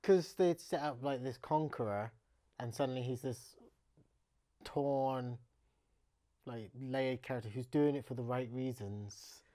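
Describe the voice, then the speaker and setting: Laid-back man co-hosting, mellow tone. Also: mid-range voice, measured pace. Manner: laughs easily, brief replies. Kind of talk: casual movie review chat.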